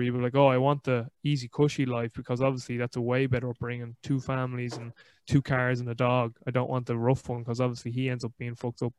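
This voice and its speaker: A man's voice: mid-range voice, no echo. A man hosting a casual podcast conversation, telling stories in a rambling way with frequent restarts. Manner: rambling, restarts often, animated storytelling. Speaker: podcast host.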